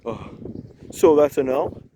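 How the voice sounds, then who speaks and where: A man playing a brash, lovestruck young man in an amateur comedy skit, excitable and blustering. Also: fairly high pitch, takes it slowly, noisy background.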